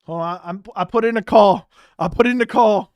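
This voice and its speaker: Excitable young man reacting to a fight. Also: high-pitched, normal speed, no room sound. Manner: animated, swearing, repeats himself, bursts into loud outbursts. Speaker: host reacting to a live fight. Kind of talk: excited live watch-along chat.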